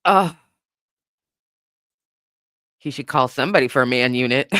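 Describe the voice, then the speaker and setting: A woman's voice: very deep voice, takes it slowly, pauses often, no echo, clean studio sound. A woman hosting a casual commentary stream, reading chat comments and laughing often as she reacts. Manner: laughing often, animated, lively. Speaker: host.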